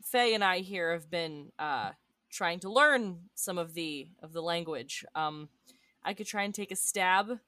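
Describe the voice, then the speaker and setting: Bright-voiced woman playing a tabletop game. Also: fairly low pitch, no echo, clean studio sound. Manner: hesitant, halting with fillers. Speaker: player. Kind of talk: tabletop role-play.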